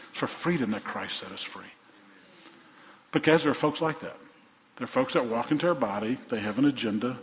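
Middle-aged male pastor, mid-pitched, emphatic storytelling sermon, muffled recording with a big hall echo. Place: large church sanctuary. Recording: dull church recording with long reverb.

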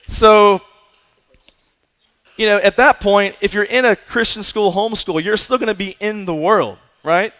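High-voiced energetic male preacher, reverberant hall. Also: measured pace. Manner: energetic, repeats "right?" and "listen". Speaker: youth pastor. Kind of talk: sermon to young people.

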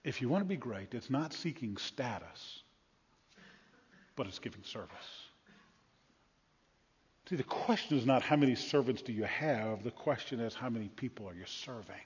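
A male pastor preaching a sermon in an animated storytelling manner with emphatic bursts. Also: mid-range voice, normal speed, pauses often, husky. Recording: dull lo-fi sound with long hall reverb.

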